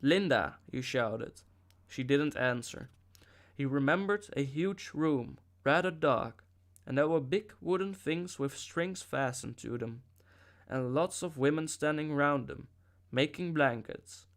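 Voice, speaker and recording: A man narrating a novel as an audiobook reader, with a steady storytelling delivery and occasional slips. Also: a little high, takes it slowly.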